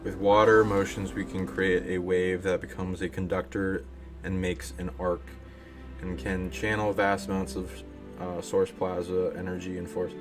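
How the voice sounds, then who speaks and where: A man's voice: low voice, level tone, moderate pace. A man chatting casually on a live stream in a rambling way, with lots of hesitations. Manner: rambling, many fillers and restarts. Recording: music playing behind the voice.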